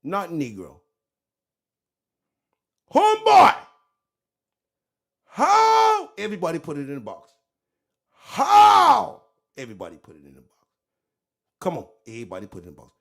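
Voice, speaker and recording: A man giving a loud, profane, mocking commentary rant, swinging between shouts and low mutters. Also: very animated, rapid-fire, husky. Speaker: online commentator. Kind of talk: ranting commentary.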